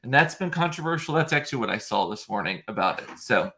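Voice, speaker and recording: A man's voice: lowish voice, sing-song, fast talker, sharp tone. Chatty man rambling casually. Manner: rambling, chatty, often restarts and corrects himself. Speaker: vlogger. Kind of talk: casual solo chat reading live comments.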